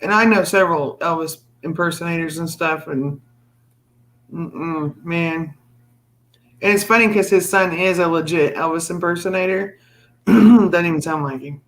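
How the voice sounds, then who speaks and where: A high-voiced man hosts a live stream, chatting casually in an excitable, rambling way. He trips over his words and keeps restarting sentences, though his pace stays measured.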